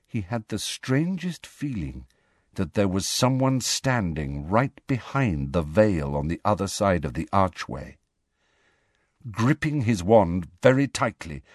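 Male audiobook narrator, lowish voice, animated swings in pitch, dry close studio read. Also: no room sound. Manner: expressive storytelling reading. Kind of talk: scripted narration.

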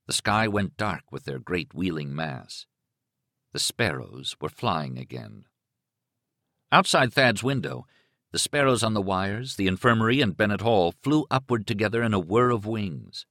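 A man narrating an audiobook in a measured, suspenseful storytelling manner on a close studio mic. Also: lowish voice, a bit bright, no echo. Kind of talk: scripted narration.

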